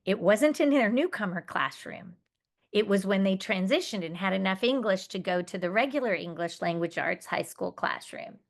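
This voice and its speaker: A woman's voice: medium pitch, expressive, normal speed, creaky. Woman presenting at a teacher conference. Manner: earnest, explanatory, with restarts and quoted student words.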